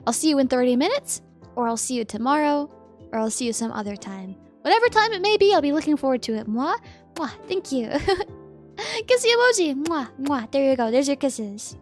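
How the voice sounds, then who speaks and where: A woman's voice: high-pitched, big pitch swings, fairly quick, soft background music. A sleepy woman streamer chatting casually with her viewers, giggling as she reads their messages aloud and answers them.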